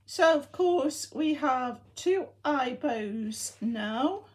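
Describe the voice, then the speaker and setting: A woman's voice: high voice, lively intonation, drawn-out words. A woman giving a casual vlog update, chatty and fondly talking to her robot dogs in between. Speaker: vlogger.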